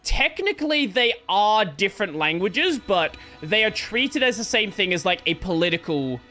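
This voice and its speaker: A man's voice: high voice, sing-song, normal speed, pushed and bright. A man chatting casually on a gaming live stream. He thinks aloud and rambles, restarting his sentences, with faint game music behind him.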